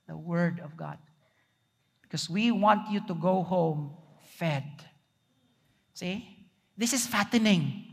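High-voiced pastor in a reverberant hall. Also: male voice, vocal fry, a bit bright. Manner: preaching with frequent rhetorical questions to the congregation. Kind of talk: sermon.

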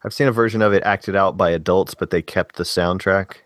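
A man's voice: low-pitched, fairly even intonation, brisk, no room sound, clean studio sound. A man hosting a podcast in casual chat, setting up topics and reacting in short remarks. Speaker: podcast host.

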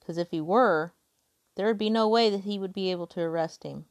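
A woman's voice: mid-range voice, brisk, dry recording. A woman reading a Bible passage aloud and then talking it through casually and earnestly, with some restarts. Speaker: podcast host.

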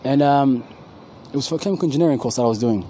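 Fast-talking man, dark mellow tone, profane rambling host, faint street noise behind. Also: medium pitch, rough recording. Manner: rambling, profane, loses his words, slangy. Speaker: podcast co-host. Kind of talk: casual profane street chat. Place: outdoors at a university campus.

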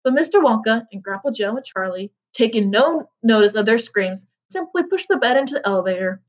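A woman reads a children's book aloud in a steady, even way, tripping over a word now and then. Her voice sits on the higher side. The recording is muffled and lo-fi. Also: brisk. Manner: steady reading with small slips. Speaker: reader.

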